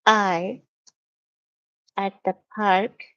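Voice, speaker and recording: Slow, patient woman teaching English. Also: medium pitch, little pitch movement, fairly bright tone, clean tone, no echo. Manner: patient, spells out each step. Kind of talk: slow, careful classroom explanation. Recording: dull, dry lo-fi audio.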